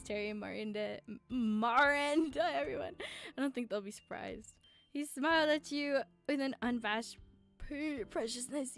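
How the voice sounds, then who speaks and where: A young woman streaming a romance game, reading its text aloud and reacting with teary emotion and casual swearing. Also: on the high side.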